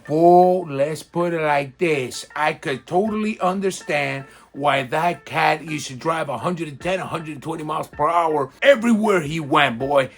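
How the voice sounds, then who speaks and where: A young man telling a comedic story in a casual, animated, slangy way, with plenty of swearing. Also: a little high, unhurried, few pauses, soft background music. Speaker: storyteller host.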